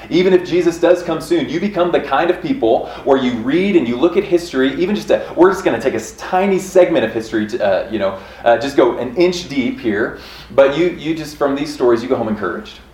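Earnest chatty man in an echoey room. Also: mid-range voice. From Kansas, USA. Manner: chatty, earnest, laughs often, many restarts. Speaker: church speaker teaching on revival history. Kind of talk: casual church talk to a small group. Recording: roomy echo, faint room ambience.

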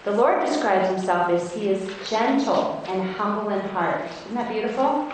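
A middle-aged woman from Iowa giving a devotional Bible talk at a women's conference, speaking earnestly and slowing down to read verses. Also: mid-range voice. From Iowa, United States. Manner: earnest, emphatic, reads verses slowly; self-described feisty. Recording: very echoey hall, faint noise.

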